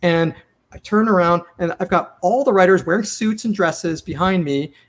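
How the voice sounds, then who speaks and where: Animated high-voiced male showrunner. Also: normal speed. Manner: animated, acts out quoted lines. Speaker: TV comedy writer and showrunner. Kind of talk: casual storytelling interview.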